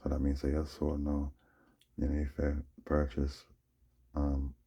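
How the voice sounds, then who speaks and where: A vlogger in his forties tells a long, meandering story in a very deep, husky, mellow voice with a completely flat delivery and an unhurried pace. His rambling monologue is slangy and casual, and he often checks in with the listener, repeating "you know what I'm saying."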